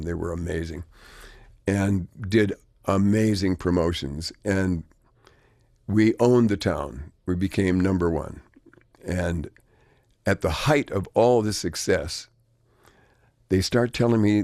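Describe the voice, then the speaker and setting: An older man with a low, gravelly voice spins rambling stories as a guest, wry and conversational. The sound is close and dry, with no room around it. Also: darkish tone, dry recording. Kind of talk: anecdotal storytelling.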